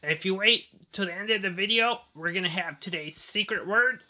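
Bright-voiced enthusiastic toy host. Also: mid-range voice, brisk. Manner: enthusiastic, exclaiming. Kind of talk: toy unboxing intro.

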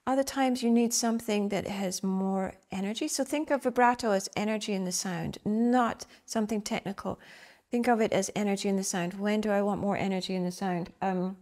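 A woman teaching the flute, explaining gently and reflectively with vivid images. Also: medium pitch, fairly even intonation, brisk. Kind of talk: instructional explanation.

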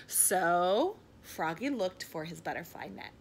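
A woman reading a children's picture book aloud in an animated way, with soft whispered asides to young listeners. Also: fairly low pitch, slow, a little hiss or hum. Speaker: read-aloud storyteller.

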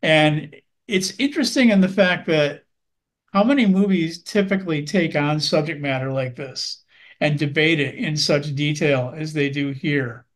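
A man reviewing films in a measured, earnest way, with many small ums and uhs. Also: a little high. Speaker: film critic. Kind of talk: film review chat.

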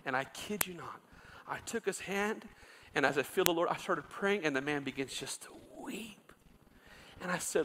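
Male pastor, middle-aged, sermon. Sharp, slightly high voice; story-driven delivery that swells into impassioned calls. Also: animated, moderate pace. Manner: builds from quiet storytelling to loud impassioned preaching.

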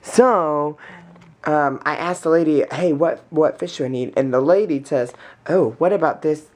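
A man vlogging casually, with a rambling, excitable and jokey way of talking, filmed on a handheld camera in a car and then at home. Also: a little high, moderate pace. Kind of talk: casual vlog chat. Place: in a car, then indoors at home by a fish tank.

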